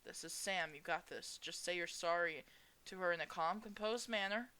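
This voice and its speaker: A woman's voice: lowish voice, normal speed, pushed and bright, smooth. A woman reading a visual novel's anxious protagonist, narrating worried inner monologue. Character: anxious young protagonist, self-blaming. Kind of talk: voicing a visual novel aloud.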